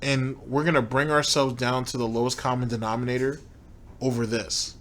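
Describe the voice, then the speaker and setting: A man's voice: medium pitch, steady tone, a little fast, fairly bright tone. A man hosting a commentary show who mocks the clips he plays with sarcastic, laughing remarks. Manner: sneering, laughs at his target. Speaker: commentary host.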